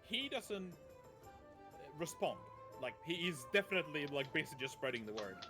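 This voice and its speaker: A man's voice: fairly high pitch, big pitch swings, moderate pace. A man narrating as game master, casual and hesitant, with faint background music. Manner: casual, hesitant, many fillers.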